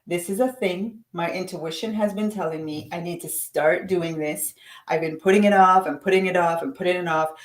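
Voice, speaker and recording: A woman's voice: lowish voice, fairly even intonation, normal speed. A woman leading a live-stream coaching session, upbeat and encouraging, chatting to viewers by name. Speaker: livestream coach. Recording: roomy echo.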